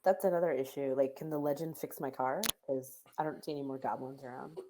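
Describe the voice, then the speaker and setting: A woman's voice: rumbling low, fairly even intonation, fairly quick, noisy background. A woman playing a tabletop game, bantering in character and hesitating through lots of filler words.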